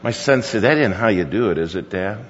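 Delivering a sermon, a middle-aged pastor shares a folksy tale and quotes his son extensively, speaking a little fast and animatedly in a lowish voice. Slight background noise and hall reverb color the dull recording.

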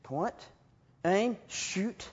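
A man preaching a sermon as a comic story, animated, swinging from loud bursts to hushed asides. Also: high-pitched, very slow, breathy edge, muffled recording.

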